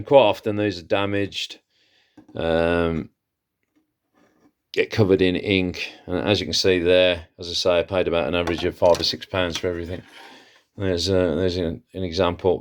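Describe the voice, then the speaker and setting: A man who hosts a vlog and chats with enthusiasm as he shows off his antiques haul, with frequent fillers. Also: sits low. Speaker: antiques seller and channel host. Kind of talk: casual haul vlog, showing items.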